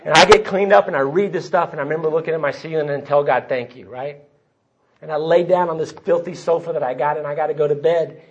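Man, husky and fairly high voice, storytelling testimony on a dull lo-fi recording. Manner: storytelling, voices the people he quotes. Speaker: recovery meeting speaker. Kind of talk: personal testimony talk.

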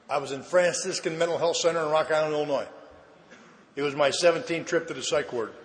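A middle-aged man sharing his story with a live audience at a recovery meeting, a folksy comic storyteller with dry deadpan asides. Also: fairly high pitch. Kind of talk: humorous personal testimony to an audience. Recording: reverberant hall, faint background noise.

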